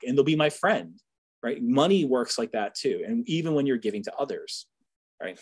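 Husky-voiced man giving a chatty lecture. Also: medium pitch, expressive, normal speed. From Boston area. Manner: conversational, joking asides, frequent "right?" tags. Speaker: university professor giving a talk. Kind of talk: informal lecture to an alumni audience.

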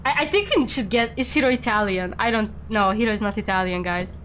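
A young woman hosting a casual game stream, playful and teasing, quick to exclaim. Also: medium pitch, fairly bright tone, slight background noise. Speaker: streamer and VTuber host.

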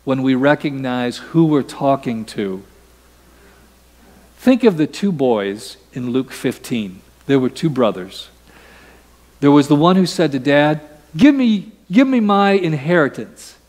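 A man's voice: mid-range voice, lively intonation, measured pace, pauses often, darkish tone, long reverb tail. A man preaching a sermon as pastor, talking in a conversational way and acting out quoted voices. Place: church sanctuary.

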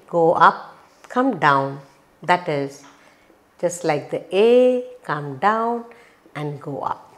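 A woman teaching phonics to young children, saying each word slowly and clearly, with a playful sing-song and sound effects. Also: lowish voice, sing-song, a bit bright.

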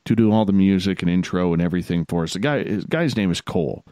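A man hosts a casual radio chat in a low, deep voice. He rambles and jokes his way through shout-outs. The sound is dry and close, with no room around it. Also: big pitch swings, brisk, dry recording. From Canada. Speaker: radio show host.

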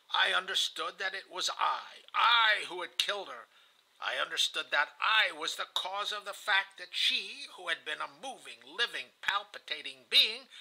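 A man's voice: high-pitched, vocal fry, sharp tone, low-quality recording. A man reading a novel aloud in the first person, earnest and confessional. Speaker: audiobook reader.

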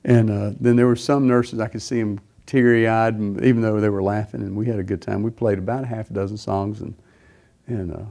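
A man's voice: lowish voice, fairly even intonation, brisk, gravelly, warm tone. A middle-aged man preaching, telling a personal story in a rambling way with many fillers and restarts. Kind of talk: sermon testimony.

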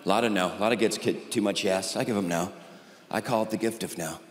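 A man in his forties performing stand-up comedy on stage, with incredulous, drawn-out sarcastic delivery. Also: on the low side. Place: large hall with live audience. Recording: echoey hall with audience noise.

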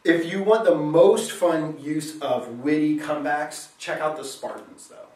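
Male Latin teacher, high-ish voice, self-correcting, heard far off in a boomy room. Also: measured pace. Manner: lively, thinks aloud and corrects himself. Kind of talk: classroom lecture. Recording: very echoey room, mic far off.

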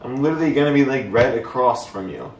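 A young man talking softly and hesitantly to his girlfriend in a casual couple vlog. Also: mid-range voice, expressive, fast talker, recorded from a distance, a little hiss or hum. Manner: soft, gentle and hesitant. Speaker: vlogger pranking his girlfriend. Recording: echoey room, voice off-mic, music behind.

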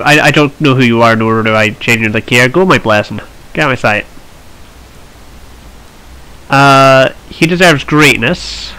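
A man's voice: mid-range voice, vocal fry, pushed and bright, rough recording. A man hosting a strategy game let's play, chatting and thinking aloud with wry asides. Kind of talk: strategy gameplay commentary.

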